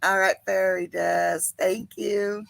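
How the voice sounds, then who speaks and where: A woman's voice: medium pitch, fairly even intonation, slow, vocal fry, dry recording, rough recording. A woman co-hosting a casual livestream chat, chatty and laughing often. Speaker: co-host.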